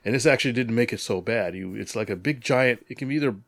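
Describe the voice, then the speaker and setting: A man co-hosting a hobby podcast, chatting casually, animated and joking with frequent laughs. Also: medium pitch, fast talker, creaky, no echo. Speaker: podcast co-host. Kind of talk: casual chat.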